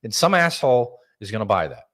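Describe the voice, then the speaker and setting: Lowish-voiced car podcast dude, fed up and cussing about the news. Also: male voice, big pitch swings, fast talker, a bit bright. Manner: indignant, swearing, newsy delivery. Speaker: podcast co-host. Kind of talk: casual profane car chat.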